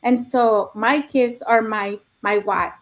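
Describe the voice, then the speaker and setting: Higher-voiced woman sharing her story. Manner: earnest, reflective, with halting repeats. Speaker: guest speaker. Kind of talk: personal story.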